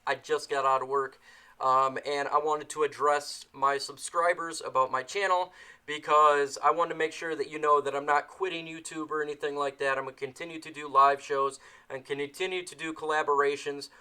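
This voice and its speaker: A man's voice: on the high side, fairly even intonation, normal speed, pushed and bright, clear, resonant tone. A man hosting a casual live sports stream, tired after a long day, emotional and repeating his phrases. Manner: emotional, repeats himself, ends lines with "man". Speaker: sports channel host.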